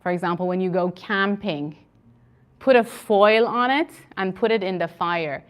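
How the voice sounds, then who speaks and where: Over a video call, a woman with a medium-pitched voice runs an online English conversation class. She's encouraging, and she repeats words slowly so her learners can follow.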